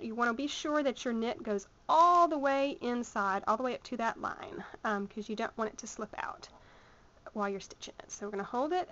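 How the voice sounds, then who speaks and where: A woman's voice: fairly high pitch, a bit bright, slight background noise. Chatty Southern woman teaching sewing. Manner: chatty, many ums, talks while working. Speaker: sewing instructor. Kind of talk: hands-on sewing tutorial. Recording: muffled lo-fi home video sound.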